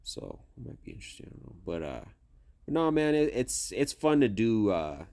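A man's voice: medium pitch, fairly quick. A young man chats on a podcast in a loose, rambling way, swearing often and restarting his sentences. His voice sits in the middle range. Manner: rambling, profane, animated storytelling. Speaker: podcast co-host. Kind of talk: casual chat.

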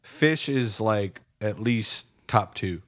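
A man's voice: lowish voice, lively intonation, no room sound. Joking man, dry close sound. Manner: joking, profane, drawn-out delivery. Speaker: podcast co-host. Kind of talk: casual chat.

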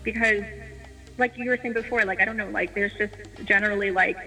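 High, gravelly man far from the mic. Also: fairly even intonation, brisk, bright, forceful tone, big-room sound, faint music behind. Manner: thoughtful, heavy use of filler words. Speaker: podcast guest. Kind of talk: casual conversation.

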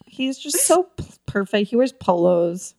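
A woman's voice: medium pitch, big pitch swings, dark tone. A woman stand-up comedian as a podcast guest, telling brash, profane stories in casual chat. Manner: brash, profane, rapid storytelling.

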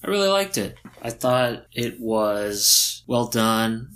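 A man's voice: medium pitch, sing-song, slow pace, fairly bright tone, slight background noise. A man guest on a casual podcast, giving thoughtful opinions. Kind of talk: casual chat.

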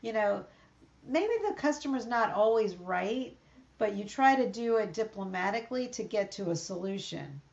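A woman's voice: mid-range voice, expressive, moderate pace, vocal fry, darkish tone. Chatty woman with lo-fi sound. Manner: chatty storyteller, acts out quoted exchanges. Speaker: podcast co-host. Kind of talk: casual chat. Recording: slightly dull lo-fi sound.

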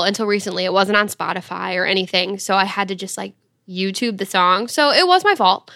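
A woman's voice: medium pitch, pushed and bright. A young woman telling a story in a casual, chatty way, with lots of "like". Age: young adult. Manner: chatty, fast, full of "like". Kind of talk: casual chat.

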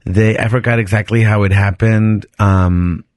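Male podcast host, lowish voice, dry close sound, animated casual storyteller. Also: moderate pace, no room sound. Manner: animated, chatty, restarts sentences and laughs often.

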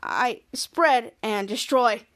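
A woman doing a slow, menacing virus voice. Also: on the high side, pitched below the performer's own voice. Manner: slow, flat, menacing monotone. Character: slow robotic computer virus in a boy's body.

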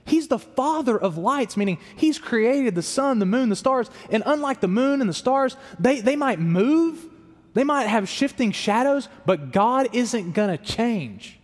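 Young male pastor, fairly high voice, casual preaching style, live church-hall reverb. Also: animated, measured pace. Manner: conversational preaching, acts out quoted self-talk. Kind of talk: sermon.

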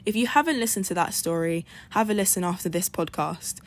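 A woman hosting a podcast, narrating a folk tale in a clear, measured storytelling manner. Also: on the low side. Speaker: podcast host.

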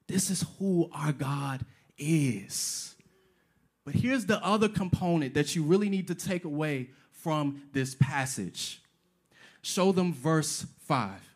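A man's voice: a little high, expressive, slow. A pastor preaching a sermon, emphatic and repetitive, firing off rhetorical questions and slipping casual slang into his preaching.

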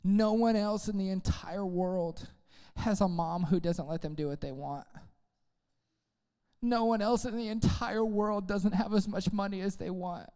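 A man's voice: sits high, dark tone, smooth, long reverb tail. A man putting on the voice of a self-pitying teenager who whines that nobody else struggles. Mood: whiny. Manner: whining, drawn-out complaints. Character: self-pitying whiny teenager, mopey and dramatic.

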